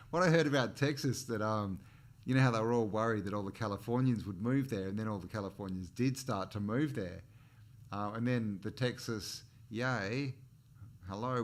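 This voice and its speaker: A man hosting a casual livestream chat, rambling between topics and greeting viewers in the chat with frequent restarts and chuckles. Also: lowish voice. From Australia. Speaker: channel host.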